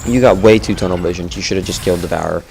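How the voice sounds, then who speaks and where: A man's voice: low-pitched, rapid-fire, creaky, very noisy. A young man giving casual, chatty commentary on a game replay, blunt and often correcting himself.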